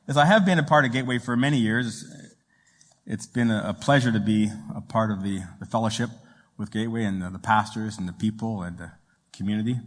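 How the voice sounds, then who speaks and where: A man preaching a sermon as a guest pastor, telling jokes and stories with halting restarts. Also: on the low side, big-room sound. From raised in an Italian home. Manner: joking storyteller, halting restarts. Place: church sanctuary.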